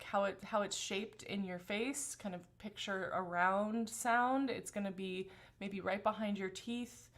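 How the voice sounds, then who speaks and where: A woman at a middle pitch leads a live-streamed vocal warm-up in an encouraging, gentle tone. She greets her viewers by name and slips hums and sung sounds in between her instructions. Soft instrumental music plays faintly behind her. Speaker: voice teacher.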